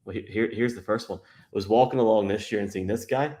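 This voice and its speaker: A man's voice: lowish voice, brisk, warm tone, slight background noise. An Irish man co-hosting a live show, joking around and reading out listener messages. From Ireland. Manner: jokey, laughs easily. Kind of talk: casual live show chat.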